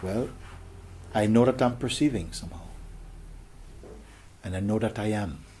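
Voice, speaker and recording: A man giving a contemplative spiritual talk as a teacher, gentle and questioning, often sinking into a whisper. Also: lowish voice, normal speed, a little hiss or hum.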